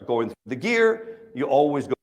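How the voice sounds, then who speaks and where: A man's voice: medium pitch, normal speed. A man telling a funny personal story to a live conference audience, often asking the crowd questions. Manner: animated, asks the audience questions, jokes. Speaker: keynote speaker. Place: conference stage.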